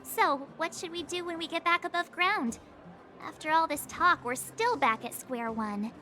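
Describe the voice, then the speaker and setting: An actress voicing a lively young woman companion in a game, speaking in a bright, expressive way. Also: very high voice, moderate pace, faint music behind.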